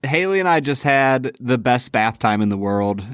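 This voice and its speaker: A man in his thirties co-hosting a podcast, laid-back and quick to laugh. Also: mid-range voice, animated, fairly bright tone, smooth, no echo, clean studio sound. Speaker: podcast co-host. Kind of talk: casual chat.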